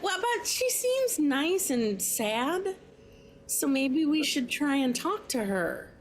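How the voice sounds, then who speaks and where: A woman playing a tabletop game who speaks slowly and sweetly. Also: high voice, sing-song, slight background noise. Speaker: player.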